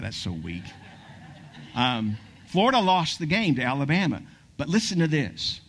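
A man with a fairly high voice preaches a sermon through a lively story. He speeds up and slows down and sometimes falls to a hushed near-whisper to stress a line. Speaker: pastor.

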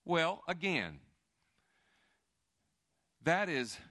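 Lively preacher, bright voice. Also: male voice, fairly high pitch, drawn-out words. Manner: conversational, animated preaching with asides and restarts. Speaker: pastor. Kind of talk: sermon.

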